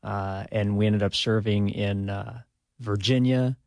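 A man's voice: fairly low pitch, measured pace, creaky, no echo. A man, a retired army officer talking modestly in a radio interview, chuckling often. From Minnesota, USA. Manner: relaxed and modest, chuckles often, many "uh" fillers.

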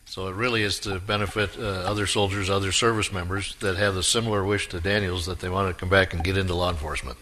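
A man hosts a radio interview, his fairly low voice bright and crisp. He asks questions in an encouraging, halting way with many fillers. A faint hiss sits under the recording. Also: fairly even intonation. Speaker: radio show host.

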